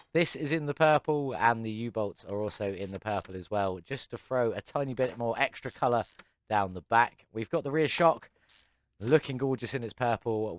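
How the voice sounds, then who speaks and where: Male game-channel host, casual upbeat commentary, self-deprecating, middle pitch, dry close sound. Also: no echo. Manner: chatty, upbeat, self-mocking.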